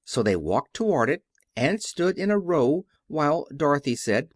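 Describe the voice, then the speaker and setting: A man narrating a classic children's story as an audiobook with expressive storytelling. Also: a little high, normal speed, few pauses, no room sound, clean studio sound. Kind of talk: scripted narration.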